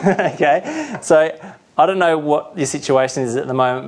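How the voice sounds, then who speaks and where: Middle-aged guy preaching, earnest, acts out voices now and then, average pitch. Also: animated, moderate pace. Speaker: pastor. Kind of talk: sermon.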